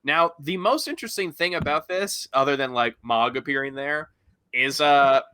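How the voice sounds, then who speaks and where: Bright, rambling podcast host. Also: male voice, on the high side, moderate pace, clear, resonant tone. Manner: rambling, many fillers, steers to the next topic. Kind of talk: casual chat.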